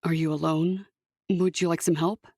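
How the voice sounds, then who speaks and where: A woman voicing a gentle widowed man with a slight accent, speaking in a concerned, warm, low way. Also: steady tone, moderate pace, dry recording, studio quality. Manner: anxious turning warm and low.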